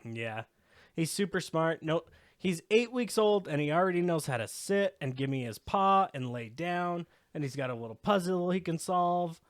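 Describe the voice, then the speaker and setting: A man's voice: fairly high pitch, animated, normal speed, no echo, studio quality. A man co-hosting a podcast, telling rambling stories in casual chat with frequent swearing. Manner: rambling, profane storytelling. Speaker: podcast co-host.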